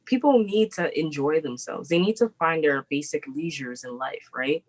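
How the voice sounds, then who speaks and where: A woman's voice: low-pitched, moderate pace, poor audio. A woman co-hosting a podcast, chatting casually and emphatically, often breaking into laughter. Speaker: podcast co-host. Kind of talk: casual chat.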